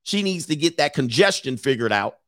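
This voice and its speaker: A man's voice: fairly high pitch, big pitch swings, a little fast, no room sound, studio quality. A man giving blunt, opinionated commentary, lecturing his listeners and repeating phrases for emphasis. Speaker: commentator host.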